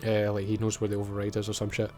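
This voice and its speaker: A man casually recapping a TV episode and acting out the characters' lines, swearing and animated. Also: lowish voice, fast, soft background music. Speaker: video reviewer. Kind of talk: casual recap with acted-out quotes.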